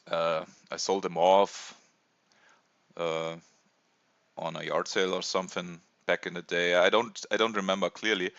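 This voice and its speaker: A man in his thirties from Germany with a German accent, hesitantly presenting a casual toy review with many pauses and fillers. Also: low voice, a bit bright, smooth, dry recording, highs cut off. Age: 30s. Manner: hesitant, many ums and uhs.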